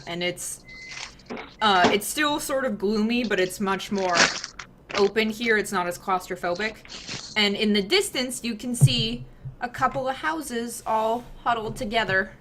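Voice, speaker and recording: A young woman narrating a tabletop fantasy game as the game master, describing the scene with relaxed fillers and hedges. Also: medium pitch, noisy background.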